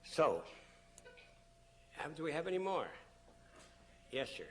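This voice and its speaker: A man's voice: on the high side, very animated, slow, a bit bright, slight background noise. A man giving a public lecture to an audience, telling stories animatedly and acting out the people he quotes. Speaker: public speaker.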